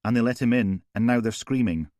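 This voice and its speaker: A man's voice: mid-range voice, fairly quick, a little mellow, no room sound, studio quality, voice pushed up, lightly acted. A man voicing a frantic young woman on an emergency call, pleading and breathless.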